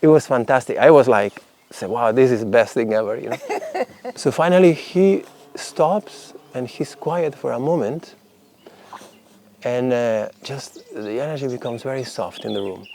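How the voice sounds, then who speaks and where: A man's voice: medium pitch, normal speed, gravelly, a little hiss or hum. Rambling man telling a story outdoors. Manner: rambling, lots of fillers, animated when quoting others. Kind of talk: casual storytelling.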